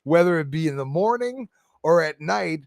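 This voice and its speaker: A man's voice: a little high, expressive, moderate pace, creaky, no echo, studio quality. A man chatting casually on his livestream, laughing often and reading out viewer names. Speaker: livestream host.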